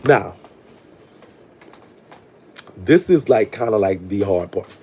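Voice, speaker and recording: A man's voice: lowish voice, expressive, slow pace, darkish tone, breathy edge. Sassy New man telling a story. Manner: sassy, digressive, profane storytelling. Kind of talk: casual storytime monologue.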